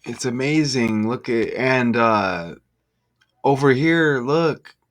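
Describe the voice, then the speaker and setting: Man host, unhurried, mid-pitch, thinking aloud over stats with bursts of wonder, home desk mic. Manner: slow, musing, excitable exclamations. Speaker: gematria sports commentator. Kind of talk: casual solo commentary over on-screen schedule.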